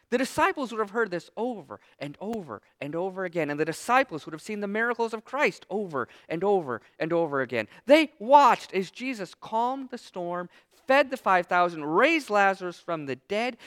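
A man's voice: sits high, fairly bright tone. A man preaching a sermon as pastor, reading scripture aloud and then retelling it with emphatic, driving delivery.

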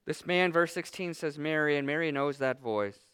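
A man's voice: a little high, moderate pace, a bit bright, clean tone. A man preaching a sermon as pastor, reading scripture aloud and then retelling it with emphatic, driving delivery.

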